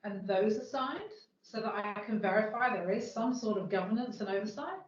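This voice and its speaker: A woman's voice: medium pitch, normal speed, lightly acted. A woman playing a strict, bureaucratic PMO manager who complains indignantly about missing paperwork, in an amateur workplace role-play over a video call. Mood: exasperated. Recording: echoey room, dull lo-fi sound, faint noise.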